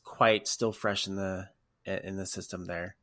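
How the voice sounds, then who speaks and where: A man co-hosting a casual podcast, telling stories in an emotional, animated way. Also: low-pitched, a little slow, no room sound, clean studio sound. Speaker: podcast co-host.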